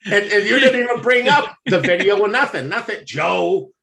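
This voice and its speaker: A man's voice: high voice, lively intonation, moderate pace, vocal fry, pushed and bright. A man as a guest in casual chat, rambling and now and then teasing.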